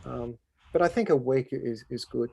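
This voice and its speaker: A man's voice: mid-range voice, moderate pace, gravelly, warm tone, slightly rough, no room sound. An Australian man, a tour guide, answering questions in an easygoing, explanatory way. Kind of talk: casual Q&A answers.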